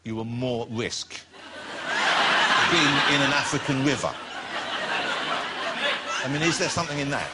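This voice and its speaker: A man's voice: mid-range voice, a little slow, pauses often. A man hosting a talk show, asking playful, faux-naive questions and joking at his own expense. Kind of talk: comic chat show interview. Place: television studio with live audience. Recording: studio audience laughter and noise.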